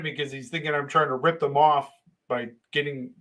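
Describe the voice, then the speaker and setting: A man's voice: on the high side, steady tone, normal speed, a bit bright, poor audio. Rambling man telling a work story. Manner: rambling, with many restarts and dramatic voice shifts. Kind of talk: casual spoken anecdote.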